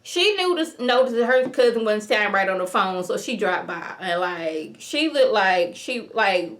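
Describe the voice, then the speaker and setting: A woman vlogger talks through a TV episode in a loose, chatty way, her voice sitting at a medium pitch. She keeps the recap animated, jumping into the characters' lines as she goes. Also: moderate pace. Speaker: TV review vlogger.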